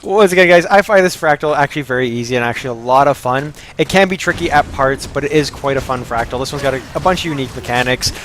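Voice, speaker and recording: A slightly hoarse man hosting gameplay commentary, explaining mechanics to his friends between frequent laughs. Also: medium pitch, quick pace, few pauses, fairly bright tone, slight background noise. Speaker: host guiding a game run.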